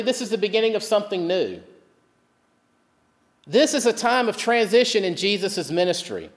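A man with a rather high voice delivers a sermon, retelling the story and going hushed and low whenever he quotes. His words ring out with the long reverb of a church hall. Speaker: pastor.

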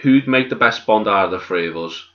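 A man's voice: on the low side, fairly quick, bright, forceful tone. A man co-hosting a casual chat, full of swearing and banter. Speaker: podcast co-host. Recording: echoey room, dull sound.

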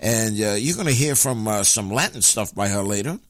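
A male radio DJ whose pitch bounces up and down as he talks, stopping often on filler sounds between names and dates. His voice is dry and close to the mic, with no room sound. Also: lively intonation, dry recording. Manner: rambling, frequent filler pauses. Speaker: radio show host and DJ. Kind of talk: casual radio announcing.

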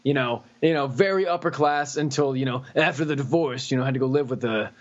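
A man's voice: mid-range voice, quick pace, muffled recording. A man from Florida telling a long story on a casual podcast, rambling with lots of "like" and "you know". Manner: rambling, full of "like" and "you know", laughing at his own story. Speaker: podcast co-host.

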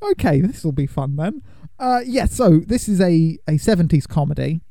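A man's voice: a little high, animated, moderate pace, mellow, no room sound. A young man hosting a movie podcast, chatting casually and laughing often as he explains things. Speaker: podcast host. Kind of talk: casual chat.

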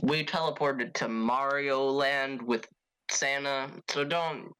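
Bright-voiced man joking at a game table. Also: mid-range voice, steady tone, takes it slowly, clear, resonant tone, poor audio. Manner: joking, playful. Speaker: player. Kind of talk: casual tabletop role-play.

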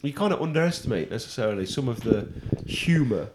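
Lively, laughing podcast host. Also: male voice, medium pitch, quick pace. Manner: animated, laughs a lot, swears casually. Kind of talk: casual chat.

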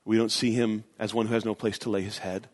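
A man's voice: lowish voice, level tone, fast. A man preaching a sermon as pastor, earnest and emphatic, often repeating phrases for stress.

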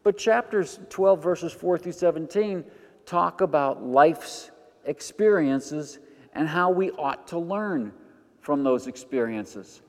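An older man preaching a sermon as pastor, animated, moving between quiet asides and loud emphatic lines. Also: a little high, takes it slowly. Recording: long hall reverb.

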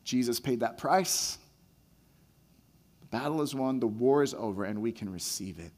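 A man preaching a sermon as a pastor, talking in a conversational way that repeats words and builds excitement as he retells a scene. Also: mid-range voice, moderate pace, big-room sound.

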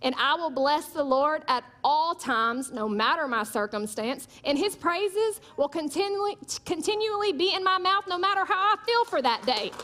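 High-voiced woman preaching emphatically. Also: expressive, normal speed, few pauses, a bit bright. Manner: emphatic, repeats declarations, storytelling with humor. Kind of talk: sermon.

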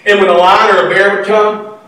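A man preaching, acting out a fearless, eager young shepherd boy with fervent shouts. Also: high voice, little pitch movement, brisk, pitched below the performer's own voice. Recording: echoey hall, mic far off.

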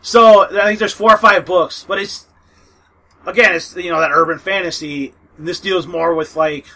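Bright-voiced man rambling casually. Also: high voice, fairly even intonation, normal speed, rough recording. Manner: rambling, lots of fillers and profanity, laughs often. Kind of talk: casual book recommendation chat.

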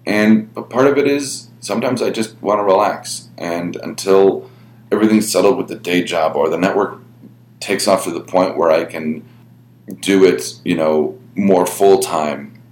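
A man's voice: low-pitched, roomy sound, a little hiss or hum. A man hosting a podcast in a casual solo monologue, rambling and reflecting on himself with many fillers. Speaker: podcast host running a podcast network.

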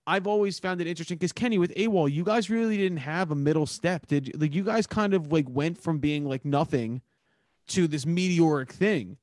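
A man's voice: on the high side, fairly quick, a little mellow, no echo. A man hosting a casual chat, laid-back and profane, leaning on "like" a lot. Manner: laid-back, swears, heavy use of "like".

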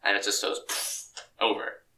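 A young man chatting casually about a film, excitable and full of fillers, laughing often. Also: lowish voice, brisk, roomy sound, distant mic, a little hiss or hum, low-quality recording.

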